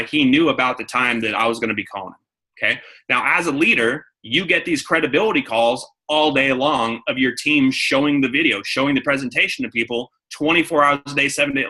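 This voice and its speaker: A man's voice: mid-range voice, sharp tone, slightly rough, poor audio. A man giving a coaching talk to his sales team, repeating key points and acting out phone calls. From San Diego. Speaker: network marketing trainer.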